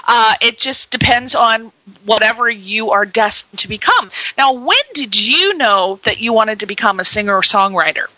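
Gushing high-voiced woman radio host. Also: normal speed, bright, forceful tone, no room sound, muffled recording. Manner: gushing, chatty, exclamatory. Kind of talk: casual radio interview.

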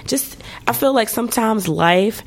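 A woman's voice: a little high, lively intonation, measured pace. A woman singer, a guest in a casual interview, talking upbeat with frequent laughs. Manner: upbeat, laughs often, breaks into song.

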